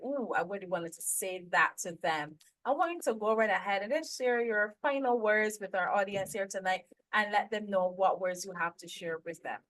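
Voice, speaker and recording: A woman's voice: medium pitch, a bit bright, low-quality recording. A woman hosting a talk show, effusive and fond of repeating words as she thanks her guest and urges listeners to share. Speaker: host.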